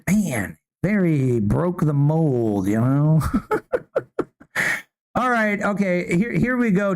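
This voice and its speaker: A man's voice: fairly high pitch, clear, resonant tone. A young man co-hosting a podcast in casual chat, rambling with stammers and restarts, tossing in "bro" and "man". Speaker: podcast co-host.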